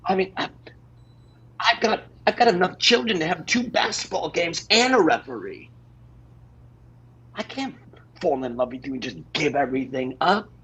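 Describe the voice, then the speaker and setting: A man's voice: a little high, expressive, moderate pace, pauses often, pushed and bright, slightly rough, highs cut off, heavily acted. An actor playing a flustered married man with a brood of children, stammering and repeating himself as he urgently pleads in an improv scene on stage. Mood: pleading. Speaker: improv performer. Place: theater stage.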